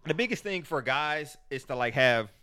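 A man's voice: fairly high pitch, animated, normal speed, sharp tone, clear, resonant tone. A man in casual chat, speaking candidly and with profanity.

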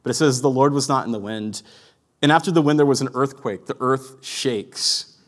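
A man in his thirties delivering a sermon in an earnest, reflective way. His pitch sits in an ordinary middle range, and he lets his voice sink to a hush on the quieter thoughts. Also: moderate pace. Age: 30s. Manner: earnest, reflective, drops to a hushed voice for quiet moments. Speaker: pastor.

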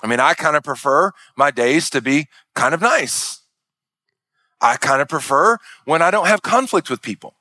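Bright-voiced, animated male pastor preaching. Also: normal speed, no room sound, clean studio sound. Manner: animated preaching with acted-out voices and swings in pitch. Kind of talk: sermon.

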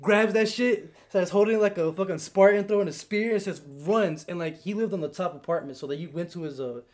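Young male podcast host with a high, bright pitch, a lively storyteller who acts out his quotes. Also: fairly quick. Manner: animated storyteller, acts out quotes, laughs a lot. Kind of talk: casual chat.

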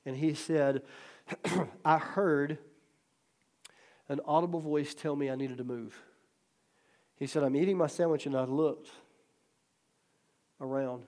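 A man pastor leading a Bible study, telling stories with acted-out quotes and frequent laughter. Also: fairly high pitch. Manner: lively storyteller who laughs often and acts out quotes.

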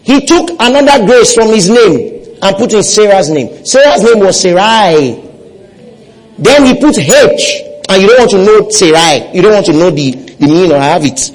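A man's voice: high voice, animated, moderate pace, poor audio. A man preaching a sermon, leading his congregation in call-and-response and repeating phrases for emphasis. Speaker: pastor.

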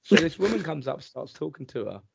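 A man's voice: very animated, brisk, gravelly, heavy background noise. Sweary man telling stories. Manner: sweary storyteller, mimics others in high voices. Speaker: podcast co-host. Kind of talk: casual chat. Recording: dry muffled podcast mic.

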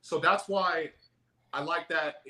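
A high-energy stand-up comedian chatting casually, animated and quick to swear. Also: male voice, low-quality recording. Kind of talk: casual chat.

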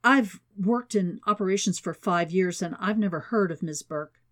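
A man's voice: high-pitched, normal speed, fairly bright tone. A woman reading an audiobook, voicing a suspicious, prim male chief of staff who talks in a guarded, clipped way. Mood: wary.

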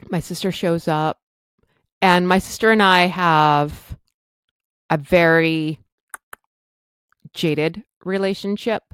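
A woman's voice: sits low, no room sound. A middle-aged woman from Canada hosting a podcast, telling a personal story in a candid, self-deprecating, exasperated way. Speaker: podcast host.

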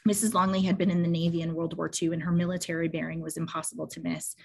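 A woman's voice: on the low side, little pitch movement, fast, vocal fry, a little mellow, husky. A woman co-hosting a show, reading a memoir excerpt aloud with feeling.

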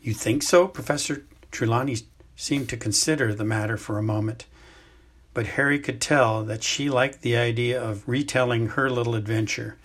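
A man narrating a novel as a home audiobook reader, in an unhurried delivery that now and then trips and corrects itself. His voice is husky and sits at an ordinary, middling pitch. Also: steady tone, fairly bright tone. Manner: unhurried, occasional stumbles and self-corrections.

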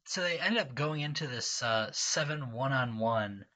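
A man chats about wrestling as a co-host. He agrees easily and often restarts his sentences. His voice is bright and forward, at a middle pitch. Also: lively intonation, measured pace. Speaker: podcast co-host. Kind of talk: casual wrestling chat.

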